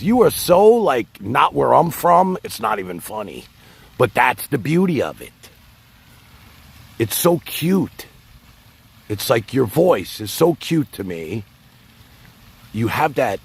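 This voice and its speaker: Gravelly, husky man rambling on a livestream. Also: medium pitch. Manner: rambling, talks straight to chat. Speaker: livestream host. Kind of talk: casual livestream rant.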